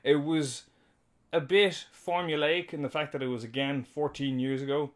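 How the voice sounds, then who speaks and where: A man's voice: fairly high pitch, steady tone, moderate pace. Wry man chatting on a podcast. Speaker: podcast co-host. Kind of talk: casual episode discussion.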